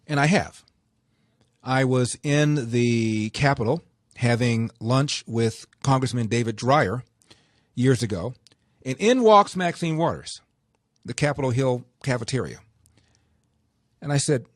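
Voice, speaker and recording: A male radio talk host telling anecdotes in a lively way, acting out the dialogue he quotes. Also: medium pitch, no echo, clean studio sound. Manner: animated, acts out the dialogue he quotes. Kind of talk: storytelling anecdotes.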